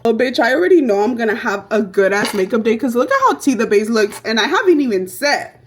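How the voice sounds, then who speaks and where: Young woman, higher voice, brash, swears a lot, lively storytelling, makeup vlog chat. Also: fast talker, noisy background. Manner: brash, profane, animated storytelling. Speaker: beauty vlogger. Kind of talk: casual get-ready-with-me chat.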